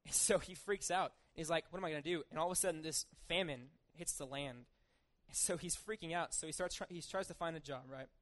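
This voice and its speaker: A man's voice: a little high, brisk, hardly any pauses, a bit bright. A young man giving a casual sermon, reading scripture and retelling the story in an informal, chatty way. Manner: informal and chatty, acting out the story in everyday voices.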